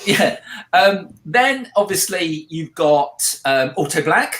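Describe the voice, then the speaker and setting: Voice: mid-range voice, animated, slow, a bit bright. A co-host with a South London accent explaining ideas from a book in casual chat, hesitant and full of restarts. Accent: British, South London. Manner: hesitant, many fillers and restarts while explaining. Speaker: podcast co-host. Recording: echoey room.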